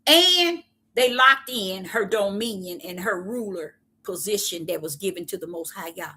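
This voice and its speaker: A woman's voice: medium pitch, lively intonation, moderate pace, bright, forceful tone, breathy edge. A woman giving an impassioned Bible teaching, with an emphatic, repetitive preacher's cadence and many rhetorical questions. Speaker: self-styled prophetess preaching.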